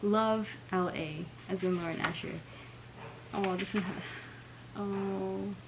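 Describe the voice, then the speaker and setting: A woman's voice: mid-range voice, fairly even intonation, slow, background noise. A young woman filming a casual book unboxing vlog at home, sounding let down, with lots of "like" and "oh my gosh". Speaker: book vlogger.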